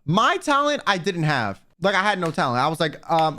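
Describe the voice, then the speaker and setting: High-voiced young American man rambling. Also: brisk, few pauses. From United States. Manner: rambling, filler-heavy, animated quoting. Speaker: streamer telling a story. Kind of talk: casual storytelling.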